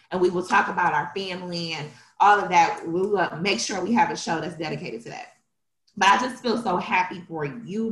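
A young woman with a lowish, slightly bright voice co-hosts a podcast in an echoey room. She talks casually and emotionally about her family and siblings, sometimes growing tearful.

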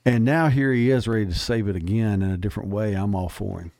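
A man's voice: fairly low pitch, fast talker, darkish tone, no room sound, studio quality. A man speaking as an interview guest, emphatic and plainspoken, telling stories in casual talk.

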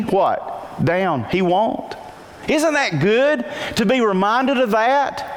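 Animated preacher man in a reverberant hall. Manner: animated, singsong quoting with big pitch jumps and slowed emphasis; asks the congregation frequent questions. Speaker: pastor. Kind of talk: sermon. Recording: long reverb and faint noise in a hall.

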